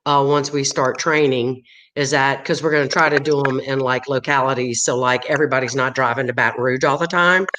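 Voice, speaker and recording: Panel moderator, encouraging, middle pitch, noisy track. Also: steady tone, brisk. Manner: encouraging, brief affirmations. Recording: noisy recording.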